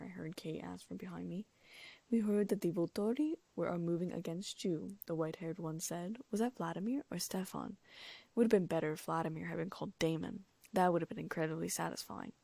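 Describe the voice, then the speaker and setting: A woman's voice: on the low side, vocal fry, warm tone, no echo. A woman narrating a first-person audiobook, reading the dialogue in her own voice with small lifts for each character.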